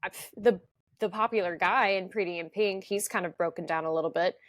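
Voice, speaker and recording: A woman's voice: fairly low pitch, fairly quick, fairly bright tone, no room sound. A woman co-hosting a movie podcast in casual chat, with dry, wry remarks. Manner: dry, wry, brief interjections. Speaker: podcast co-host.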